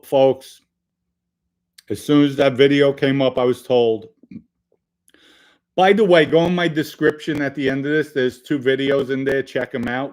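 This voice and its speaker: This middle-aged podcast host reads live chat on a laid-back stream, his medium-pitched voice staying even as he talks loosely with his audience. Every so often the joking gives way to an abrupt, loud outburst.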